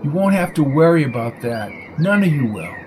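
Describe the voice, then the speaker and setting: A man's voice: on the high side, very animated, normal speed, slight background noise. A man reading a crime story, voicing a treacherous son who coldly gives orders to his gunmen. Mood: menacing. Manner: cold, commanding, menacing. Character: treacherous son, cold mob henchman boss.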